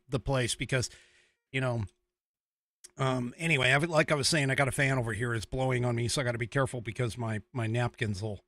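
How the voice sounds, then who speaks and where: A man's voice: mid-range voice, bright, forceful tone, dry recording. An American man hosting a talk show from a small studio, chatting in a rambling way and chuckling at himself. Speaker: show host. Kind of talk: casual talk show chat.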